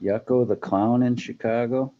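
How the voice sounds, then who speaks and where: A man's voice: medium pitch, fairly even intonation, moderate pace. Chatty man on a lo-fi stream. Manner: chatty, laughs often, jokes with viewers. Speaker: host. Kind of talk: casual livestream chat. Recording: dull lo-fi stream audio with faint noise.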